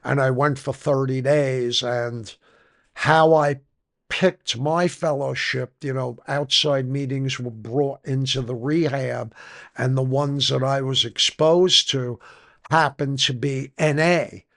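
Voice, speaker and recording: A man's voice: mid-range voice, steady tone, slow pace, creaky, fairly bright tone. An older man, telling his personal recovery story frankly in a conversational interview. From New York. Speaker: podcast guest.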